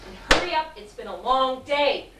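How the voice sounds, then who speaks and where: A woman's voice: high-pitched, animated, moderate pace, distant mic. A woman playing a brusque casting director in a live stage comedy sketch, speaking curtly and dismissively. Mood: impatient. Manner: curt, dismissive. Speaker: stage actor. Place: theatre stage with an audience. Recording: echoey live theatre recording from afar, audience noise.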